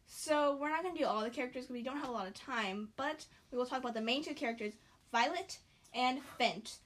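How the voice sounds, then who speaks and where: Teen girl, book review host, casual chat, lots of likes, slightly high voice. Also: brisk, fairly bright tone. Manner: chatty, many likes and fillers.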